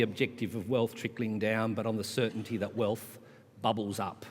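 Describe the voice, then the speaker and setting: A man's voice: on the low side, little pitch movement, moderate pace. A man, a charity leader, giving an impassioned conference speech with rhetorical repetition and wry asides. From Australia. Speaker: charity CEO, conference speaker. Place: conference hall. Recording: long hall reverb.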